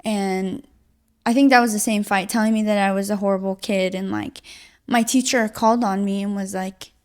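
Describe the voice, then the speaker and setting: A young woman in her late teens giving a personal testimony as a guest, talking in a halting, casual way full of "like". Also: mid-range voice, steady tone.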